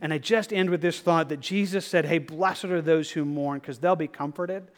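A man's voice: a little high, normal speed. Earnest pastor, man with a raised voice. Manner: earnest, repetitive, drops to soft tones for quoted prayer. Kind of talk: sermon.

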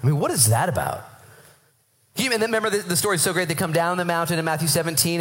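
A man's voice: on the high side, expressive, rapid-fire, fairly bright tone. A man preaching a sermon to his church, acting out voices of Bible figures as he goes. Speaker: pastor.

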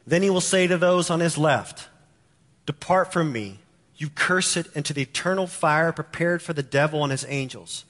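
A man's voice: fairly high pitch, fairly bright tone. A man from Texas with a Texan accent, preaching a sermon and repeating key lines with emphasis. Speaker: pastor. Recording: long hall reverb.

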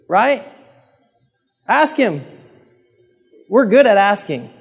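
A man's voice: very high-pitched, a little slow, long pauses, faint music behind. A man preaching a sermon in an earnest, conversational way, talking straight to the congregation and acting out pleading prayers. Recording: long reverb of a hall.

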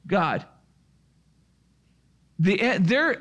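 High-voiced man preaching a sermon. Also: animated, normal speed, fairly bright tone. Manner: asks the listeners questions and answers them himself. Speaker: pastor.

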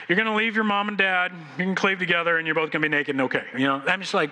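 A pastor delivers his sermon with bright, forceful energy, slipping into playful voices as he acts out the story. His voice sits high for a man. The sound rings out with the long reverb of a church hall. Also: fast, few pauses. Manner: animated, acting out scenes with playful voices. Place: church sanctuary.

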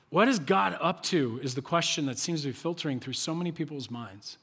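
A male pastor giving a conversational sermon in a church, animated and full of rhetorical questions and repeated phrases. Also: fairly high pitch, a little fast, hardly any pauses, husky.

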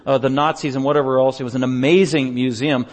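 A male pastor chatting through a slideshow report during a church service, telling stories in an animated way and laughing often. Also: mid-range voice, fast. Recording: long reverb of a large hall.

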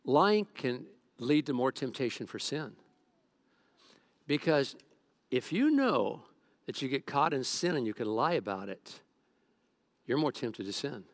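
A man's voice: mid-range voice, unhurried, pauses often, dry recording. A middle-aged man preaching a sermon as a pastor, telling stories from home and joking with the congregation. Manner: animated, joking storyteller.

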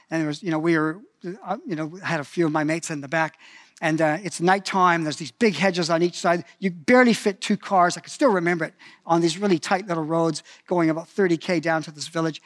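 An older man preaching a sermon in a conversational way, often restarting his phrases as he tells personal stories. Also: high-pitched.

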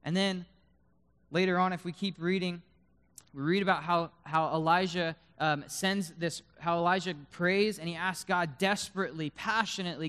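A man preaching a sermon to students in a room, swinging between loud emphatic bursts and hushed low tones and reading scripture aloud with dramatic emphasis. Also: steady tone, moderate pace, clean tone. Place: room with a live audience.

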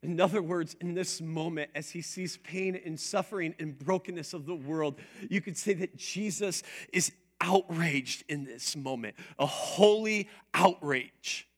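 A man preaching a sermon in an animated, playful way, drawing his congregation into call-and-response. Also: a little high, measured pace, few pauses. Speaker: pastor.

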